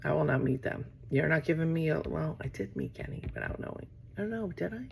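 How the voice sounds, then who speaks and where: A woman's voice: sits low, expressive, fast, creaky, slight background noise. A middle-aged woman talking casually to camera from her office, rambling and acting out conversations she has had. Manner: rambling, acts out quoted exchanges. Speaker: vlogger.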